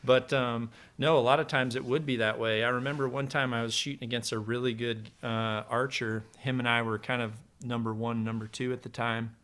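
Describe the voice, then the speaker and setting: A middle-aged man with a smooth, resonant voice talks through a story in a loose, meandering way. His pitch sits in an ordinary middle range. He spins anecdotes casually, with lots of fillers, as a guest on a podcast. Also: a little fast, few pauses. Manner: relaxed, rambling anecdotes with many fillers. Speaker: podcast guest, former pro archer.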